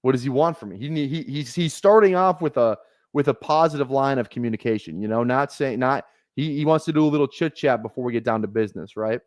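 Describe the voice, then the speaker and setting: A man's voice: mid-range voice, quick pace, no room sound, studio quality. A man giving casual live-stream commentary on his fantasy football draft, rambling and correcting himself as he thinks aloud.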